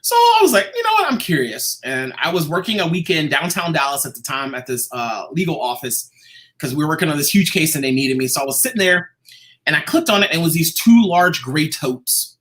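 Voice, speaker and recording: A man, a guest artist in an interview, telling a personal story in a lively, casual way. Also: fairly high pitch, fairly quick. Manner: animated, acts out quoted voices.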